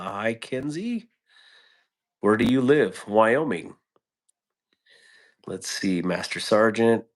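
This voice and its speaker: A man chatting casually on a live stream, his voice sitting a little low. He jokes and rambles from one aside to the next while greeting viewers by name. He talks into a phone at home. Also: a bit bright.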